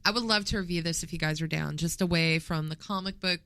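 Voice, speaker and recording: Lower-pitched woman podcast co-host. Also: steady tone, fast, a crowd in the background. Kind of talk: casual chat.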